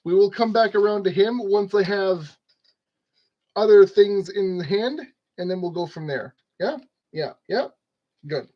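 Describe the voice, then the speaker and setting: A high-pitched man talks his way through a model kit build, unhurried and rambling. He scolds stubborn tools and pokes fun at himself. The sound is dull and lo-fi. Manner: rambling, talks to objects, self-deprecating. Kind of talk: rambling casual build vlog.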